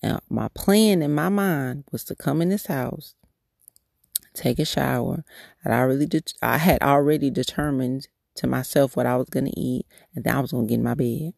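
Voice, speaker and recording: A woman's voice: extremely low pitch, moderate pace, vocal fry, darkish tone, dry recording, studio quality. A woman hosting a devotional podcast, telling a personal faith story in an earnest, candid way, often restarting her sentences. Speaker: podcast host.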